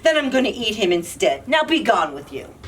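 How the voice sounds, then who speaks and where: A woman's voice: mid-range voice, very animated, fairly quick, slight background noise, lightly acted. A woman doing a roaring greedy troll. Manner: roaring, bossy threats. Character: big ugly hungry troll, blustering and greedy.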